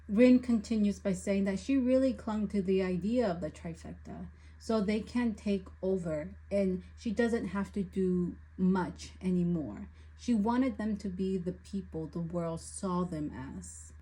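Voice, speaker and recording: A woman talks through a book she has been listening to, retelling events and then venting her frustration at the lead character. Her voice has a faint husky edge. She speaks at an unhurried pace, even as the rant builds. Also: medium pitch, low-quality recording. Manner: exasperated, ranting at the plot. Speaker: book reviewer. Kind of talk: spoken book review and recap.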